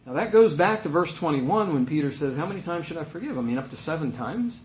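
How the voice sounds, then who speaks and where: A man's voice: on the high side, expressive, fast, few pauses, darkish tone, reverberant, rough recording. A male pastor preaching a sermon in a conversational way, rising to emphatic peaks.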